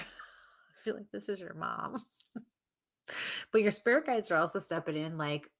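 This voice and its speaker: A woman's voice: low voice, moderate pace, long pauses. A woman co-hosting a live show, reading spirit messages for viewers in a chatty way with frequent laughter. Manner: warm, chatty, laughs often. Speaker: psychic medium co-host.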